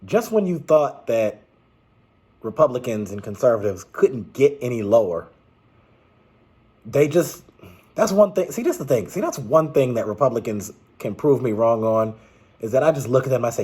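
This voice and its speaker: A man's voice: medium pitch, lively intonation, normal speed, warm tone, breathy edge. A man giving casual, rambling political commentary, exasperated and restarting his sentences often.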